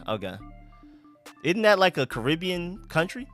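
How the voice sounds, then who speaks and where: Bright-voiced man streaming live. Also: mid-range voice, a little fast, soft background music. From Atlanta, USA. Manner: relaxed, slangy, bursts of hype calling out picks. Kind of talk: casual live-stream chat reading comments.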